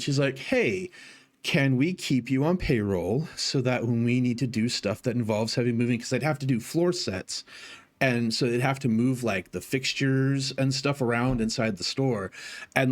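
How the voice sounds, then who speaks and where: Guy streamer rambling thru a story, cussing a bunch, normal pitched voice. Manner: profane, rambling, animated in retelling. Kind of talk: casual storytelling chat.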